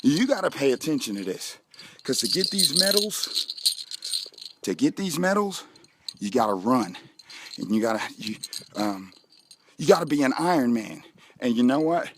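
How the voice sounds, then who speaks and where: A middle-aged man from a school, his voice on the high side with slight background noise, jokes playfully in a promotional video for kids. He talks straight to the children while promoting an outdoor fun run on chilly school grounds.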